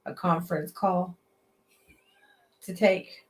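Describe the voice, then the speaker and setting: A woman's voice: fairly low pitch, fairly even intonation, slow. A woman co-hosting a casual late-night livestream, chatty and reading viewer comments aloud. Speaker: livestream co-host. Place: metal shop.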